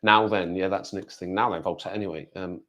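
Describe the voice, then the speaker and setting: Answering comments on his live stream, this West Midlands man talks in a rambling, casual way with a Black Country accent. He has a low voice, a steady tone, a brisk pace, and a slightly bright sound.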